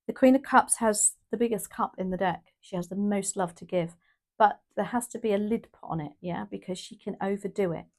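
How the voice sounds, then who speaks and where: A woman's voice: mid-range voice, a little fast, darkish tone. A woman from the UK doing a casual, emotional tarot reading, rambling with restarts and exclamations. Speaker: tarot reader.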